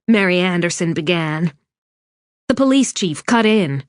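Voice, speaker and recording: A woman narrating a suspense novel in a measured, even scripted reading. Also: lowish voice, no room sound. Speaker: audiobook narrator. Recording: dry studio read.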